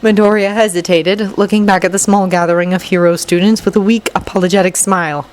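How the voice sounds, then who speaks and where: A woman narrating a fanfiction audiobook with expressive storytelling. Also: medium pitch, brisk.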